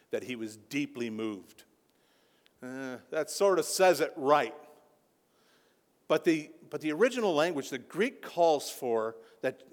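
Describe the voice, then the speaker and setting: A man preaching a sermon as a pastor, impassioned, rising to near-shouting peaks. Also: mid-range voice. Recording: long hall reverb.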